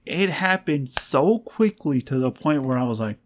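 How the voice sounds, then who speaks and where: A man's voice: high voice, sing-song, slow, pauses often. A young man vlogging a casual, rambling recap, swearing freely and laughing as he acts out quotes.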